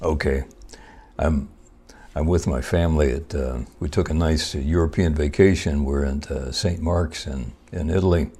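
A man with a very low, husky voice telling jokes in a relaxed way. His tone is dark and mellow, and he chuckles as the punchlines land. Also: moderate pace. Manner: laughs at his own punchlines.

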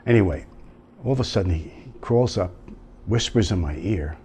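A low-voiced man telling a long joke, padding it with "you know" and "right?" as he goes. Faint noise sits behind his voice. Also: animated, moderate pace, warm tone. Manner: rambling, full of fillers and tag questions.

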